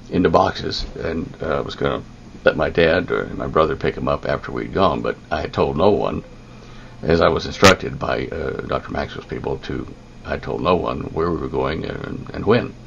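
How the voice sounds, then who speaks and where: An older man telling a long personal story, halting, with many ums and restarts. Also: extremely low pitch, creaky, dull audio, slight background noise. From United States. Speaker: interviewee.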